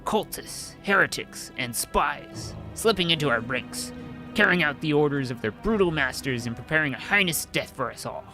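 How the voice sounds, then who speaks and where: A man's voice: medium pitch, animated, moderate pace, bright, forceful tone, soft background music. A man voicing a bellowing zealot crusader. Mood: zealous. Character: ruthless fanatical male crusader, secret traitor.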